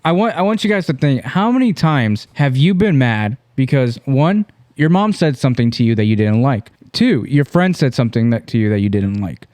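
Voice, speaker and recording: A man of middle pitch co-hosts a casual podcast. He talks to the listeners directly and crudely. His voice sounds dry and close, with no room around it. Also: animated, normal speed, hardly any pauses, a little mellow, no echo. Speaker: podcast co-host.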